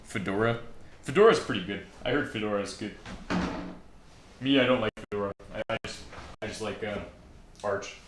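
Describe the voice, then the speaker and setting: A man's voice: fairly low pitch, moderate pace, long pauses, background noise. A man casually chatting on a live stream, joking around and reading viewer comments aloud while he builds a server. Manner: joking, rambling, reads chat aloud.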